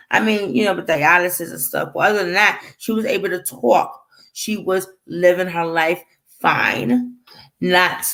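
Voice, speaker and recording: A woman's voice: on the low side, vocal fry, fairly bright tone, poor audio. A woman telling a painful family story to the camera in a rambling way, acting out the dialogue and fighting back tears. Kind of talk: emotional personal storytelling.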